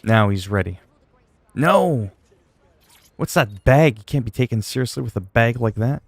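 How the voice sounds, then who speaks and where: Gravelly laid-back streamer guy. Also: lowish voice, brisk, no room sound. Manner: laid-back, swears casually, reads chat questions aloud. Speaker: livestreamer. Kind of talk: casual gaming livestream chat.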